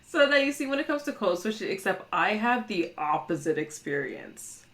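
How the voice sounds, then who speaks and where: A woman talking as a guest on a podcast in an earnest, measured conversational way. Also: medium pitch, sing-song, a bit bright. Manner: earnest, measured, quotes others. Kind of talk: casual conversation.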